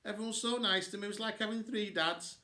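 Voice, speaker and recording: Chatty braggy kid girl, man doing the voice, higher up, a bit sassy. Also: fairly even intonation, fast, pushed and bright, reverberant. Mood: bragging. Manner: bubbly and bragging. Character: chatty, show-off young girl.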